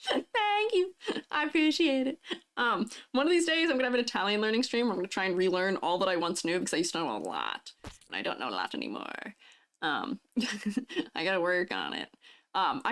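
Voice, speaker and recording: A woman's voice: mid-range voice, fairly bright tone. A woman streaming live, chatting casually and reading out chat messages, laughing often between lines. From United States. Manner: giggly, chatty, answers chat messages aloud.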